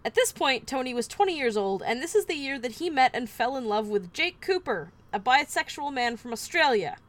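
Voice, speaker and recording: A woman hosts a casual podcast, recounting a true story with dry, wry asides. Her voice sits a little high. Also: very animated, brisk, a bit bright. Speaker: podcast host. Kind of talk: casual true-crime chat.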